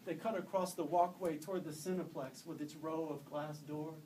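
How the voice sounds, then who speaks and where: A male author reading his own fiction aloud at a live event, in steady, measured narration. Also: a little high, distant mic, slight background noise, poor audio. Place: event room.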